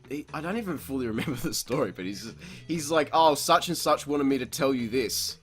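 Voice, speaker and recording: A young man tells a school story on a podcast, swearing freely and laughing often. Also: mid-range voice. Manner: profane, animated, laughs often. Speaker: podcast host. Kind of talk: casual storytelling.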